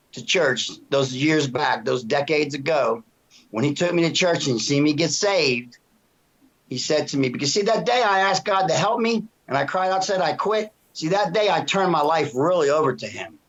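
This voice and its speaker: A man's voice: on the high side, animated, normal speed, fairly bright tone. A middle-aged man giving an earnest, emotional personal testimony in a casual interview, often restarting and asking "you know what I mean". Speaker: interview guest. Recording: dull lo-fi sound.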